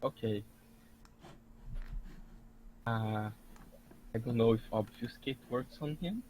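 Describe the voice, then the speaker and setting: A man playing in a tabletop game who speaks in a hesitant, halting way. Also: mid-range voice, darkish tone, slight background noise, rough recording. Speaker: player. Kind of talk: casual chat at a tabletop game.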